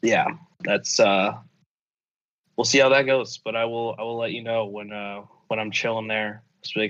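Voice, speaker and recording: A man's voice: on the low side, little pitch movement, moderate pace, a bit bright. A young man telling stories casually on a podcast, laid-back and profane, laughing often. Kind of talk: casual storytelling chat. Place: apartment abroad, call-in. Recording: dull lo-fi audio.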